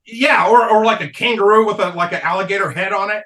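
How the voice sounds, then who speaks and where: A man's voice: sits high, fast talker, pushed and bright. A man telling a long, rowdy story on a comedy podcast, swearing freely and laughing as he goes. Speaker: podcast guest.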